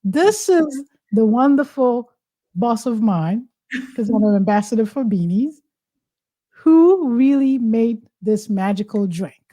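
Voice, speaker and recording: A woman's voice: fairly high pitch, lively intonation, takes it slowly, warm tone. A woman host, chatting in an exuberant, teasing, exclamatory way. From Haiti. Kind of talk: casual talk-show chat.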